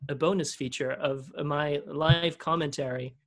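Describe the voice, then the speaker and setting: A man's voice: a little high, steady tone, measured pace, a bit bright. A man co-hosting a podcast in casual chat, rambling with lots of fillers, restarts and laughter. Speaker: podcast co-host.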